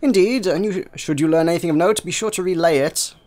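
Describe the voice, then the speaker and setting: A man voicing a formal gentleman giving an instruction, read from a game. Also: high voice, fast talker, pitched above the performer's own voice, close to an everyday voice.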